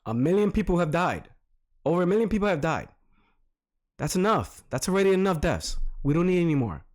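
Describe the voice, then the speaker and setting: A man giving casual reaction commentary, animated and repeating phrases for emphasis. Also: high voice, a little fast. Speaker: reaction streamer.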